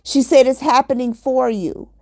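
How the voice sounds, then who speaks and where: Here a fairly high-voiced woman, mellow and moderately paced, urges her listeners on in a motivational vlog. Her exhortation is earnest and preachy, with points repeated for emphasis, captured in a close, dry recording without echo.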